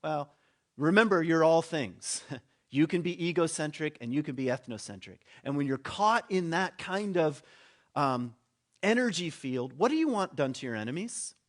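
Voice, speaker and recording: A man giving a relaxed, conversational sermon. His voice sits a touch higher than most men's. He slips into the voices of the people in his story and drops low for asides. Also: moderate pace. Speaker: pastor.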